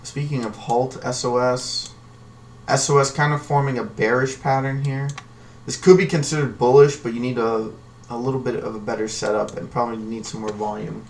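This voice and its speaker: A man's voice: medium pitch, fairly even intonation, normal speed. A man hosting a live trading stream, talking casually and ramblingly in a slangy way. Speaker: livestream stock trading host. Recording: distant from the mic with faint noise.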